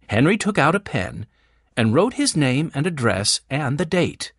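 Expressive woman reading a children's book. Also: deep voice, a little slow, no room sound, studio quality. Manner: clear, expressive storytelling. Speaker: audiobook narrator. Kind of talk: children's audiobook narration.

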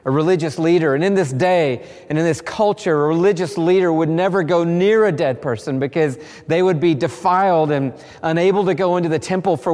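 Pastor, male, higher register; storytelling sermon with repeated build-ups; long hall reverb. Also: darkish tone. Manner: emphatic storytelling with repeated phrases.

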